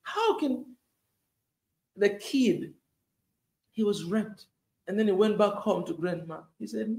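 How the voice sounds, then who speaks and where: A man from Tanzania comments on the news in a loose, heartfelt way. His fairly high voice climbs as he repeats himself and keeps tossing in "man". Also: animated, slow, creaky, pauses often, a little mellow. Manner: emotional, repetitive, says "man" often, voice rising in outrage. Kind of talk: impassioned casual commentary.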